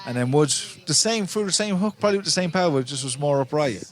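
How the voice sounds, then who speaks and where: Exboxeador invitado analizando el combate. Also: male voice, fairly high pitch, expressive, fast talker. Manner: thoughtful, with frequent "you know" fillers. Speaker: guest, former boxing champion. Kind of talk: casual analysis.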